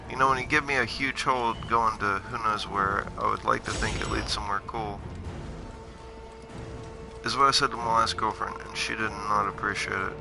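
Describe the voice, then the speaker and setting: A low-voiced man with a gravelly, fry-laced edge chats loosely as he plays, drifting into self-mocking tangents. His talk stays relaxed and jokey. Game music plays clearly behind him. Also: moderate pace. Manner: joking, rambling, self-deprecating. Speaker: gaming livestreamer. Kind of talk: casual gameplay commentary.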